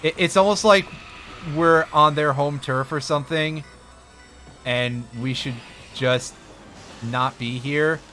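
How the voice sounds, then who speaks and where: During live gameplay commentary, a male streamer talks slowly through his game with dry, self-deprecating humor while chatting with viewers. His slightly high voice comes across bright and forceful, with game music playing faintly underneath.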